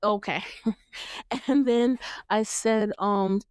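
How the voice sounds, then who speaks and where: A young woman hosting a casual TV recap chat, animated and laughing, acting out lines in playful voices. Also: medium pitch, very slow, clean tone, no echo. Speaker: podcast host.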